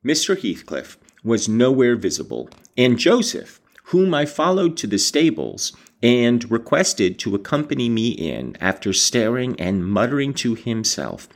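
A man's voice: medium pitch, sing-song, measured pace, hardly any pauses. A man reading a novel aloud, breaking off to explain passages and react with casual, sometimes profane comments. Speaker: audiobook reader.

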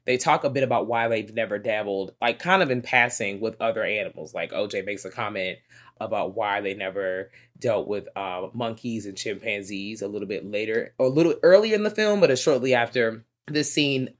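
Excitable, profane podcast co-host. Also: medium pitch, fairly quick. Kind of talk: casual movie review chat.

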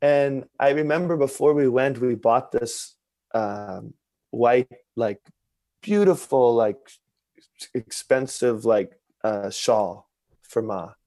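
A man's voice: mid-range voice, slow, mellow, dry recording. A man who is a podcast guest tells a personal story in a casual, conversational way, candid and self-mocking, and acts out what other people said.

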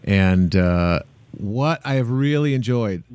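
A man hosting a podcast in casual chat, relaxed and talkative with frequent fillers. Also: fairly low pitch, takes it slowly, clear, resonant tone, no echo. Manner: relaxed, chatty, hesitant fillers. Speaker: podcast host.

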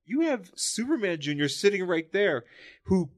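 A man co-hosting a casual comic podcast who jokes and riffs on silly scenarios. His slightly high voice swings animatedly up and down. The sound is dry and close. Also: sing-song, normal speed, dry recording. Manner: joking, riffing on absurd scenarios. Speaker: podcast co-host. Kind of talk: casual comic-book discussion.

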